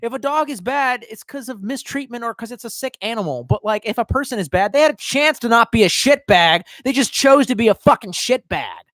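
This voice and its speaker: A man in his twenties chatting casually on a live stream and reading out chat comments. He swears constantly and rambles, jumping between loud outbursts and quiet mutters, and he sounds drunk. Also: very high-pitched, animated, brisk, hardly any pauses, dry recording, clean studio sound. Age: 20s.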